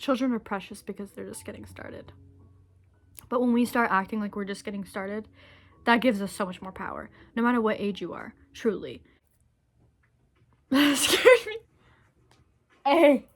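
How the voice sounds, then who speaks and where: A woman's voice: medium pitch, a little fast. Earnest rambling young woman vlogger. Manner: earnest, rambling, emotional, swears casually. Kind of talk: heartfelt direct-to-camera monologue.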